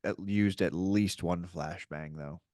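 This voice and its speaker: A man's voice: deep voice, slow, darkish tone, dry recording, studio quality. A man hosting a podcast, joking and playful, laughing along with his guest. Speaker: podcast host. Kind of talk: casual podcast chat.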